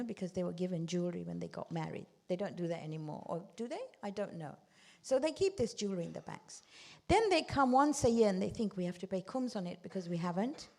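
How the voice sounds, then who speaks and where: Gravelly middle-aged woman teaching scripture. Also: on the high side. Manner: explains verses with rhetorical questions, lively and emphatic; moves between quick recitation and slower explanation. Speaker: Quran study teacher. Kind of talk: religious study lesson.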